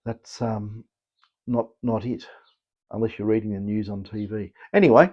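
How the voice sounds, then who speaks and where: A man's voice: fairly low pitch, normal speed, vocal fry, breathy edge, lo-fi sound. An Australian man explaining electronics repairs in a casual, rambling way, with many fillers and restarts. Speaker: electronics technician and channel host.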